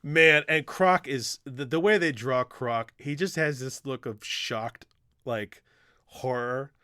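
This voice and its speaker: A man's voice: medium pitch, takes it slowly, sharp tone, clear, resonant tone, dry recording, studio quality. A man co-hosting a podcast in casual chat, animatedly retelling a comic plot, swearing freely and acting out quotes. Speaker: podcast co-host.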